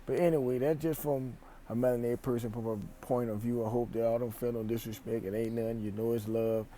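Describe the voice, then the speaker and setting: A young man from Louisiana with a Louisiana accent, giving an animated, emphatic slang-filled vlog monologue in a store aisle, recorded on a phone camera. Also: medium pitch, brisk, a little hiss or hum. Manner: animated, emphatic, repeats phrases, speaks in slang. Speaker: vlogger.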